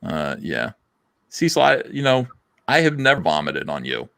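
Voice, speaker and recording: A rambling, profane man from hosts a live stream, reading chat out loud. His voice sits lowish and swings up and down a lot. The sound is dry and close. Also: wildly swooping pitch, moderate pace, vocal fry, no room sound. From South Jersey, USA. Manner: rambling, profane, lots of fillers.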